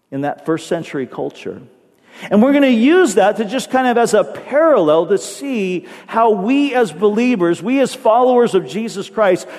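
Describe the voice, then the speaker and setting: A male pastor preaching a sermon in earnest, slowing down to stress key phrases. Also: high voice, a little mellow. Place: church sanctuary. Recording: long hall reverb.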